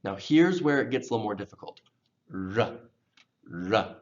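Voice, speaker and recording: A man teaching English pronunciation, patiently repeating words slowly for learners to copy. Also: medium pitch, lively intonation, darkish tone, dull audio. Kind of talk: pronunciation lesson.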